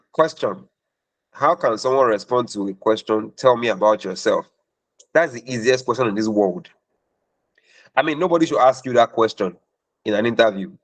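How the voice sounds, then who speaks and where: A man's voice: lowish voice, poor audio. A man talking as a career mentor in a question-and-answer session, emphatic and preachy, repeating points for stress.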